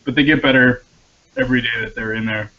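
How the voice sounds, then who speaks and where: A man casually describing homemade pickles on a cooking stream, relaxed with many fillers. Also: mid-range voice, quick pace. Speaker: cook on a stream. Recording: dull lo-fi stream audio.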